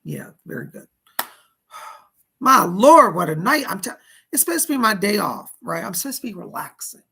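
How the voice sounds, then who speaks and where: Gravelly, husky-voiced chatty male host. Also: sits high, very animated, normal speed, sharp tone. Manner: chatty and fussy, scolding a pet companion and greeting viewers. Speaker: psychic livestream host. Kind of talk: casual livestream chat with viewers.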